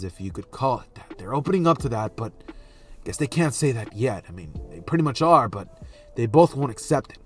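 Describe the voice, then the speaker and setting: Rambling man telling a casual story. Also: mid-range voice. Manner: rambling, self-correcting. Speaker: fan storyteller.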